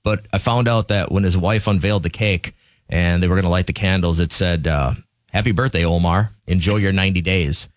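A man's voice: sits low, a little fast, no echo. A man co-hosting a morning radio show, chatting casually and joking with callers.

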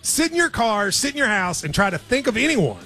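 A man's voice: sits high, very animated, fairly quick, sharp tone, faint music behind. A man hosting a sports radio betting segment, wry and joking. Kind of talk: casual sports chat.

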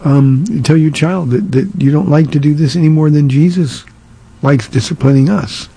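Older pastor with a dark husky voice. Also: male voice, on the high side. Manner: earnest, halting, many restarts and fillers. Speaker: pastor, radio host. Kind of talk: radio Bible teaching, answering listener questions.

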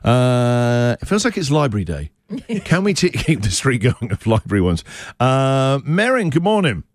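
A male radio host chatting on air from the studio, playful and enthusiastic, ribbing callers and his team. His voice bounces around a lot in pitch. The sound is close and dry, with no room in it. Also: sing-song, moderate pace, no room sound. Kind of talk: live breakfast radio chat. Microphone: studio microphone.

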